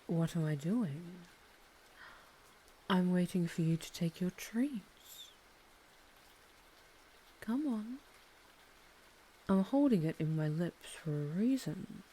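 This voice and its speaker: A woman voicing a powerful, possessive female orc warrior in a whispered role-play, murmuring and often breathy. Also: on the low side, expressive, slow, pauses often, warm tone. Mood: seductive, possessive. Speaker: ASMR storyteller.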